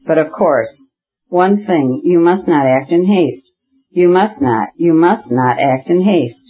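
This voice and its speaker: Man doing a warm, excitable nobleman. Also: on the high side, slow pace, slightly rough, full character voice. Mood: dismayed. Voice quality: emotional, pleading. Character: cheerful, kindly, excitable middle-aged nobleman. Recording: dull lo-fi recording.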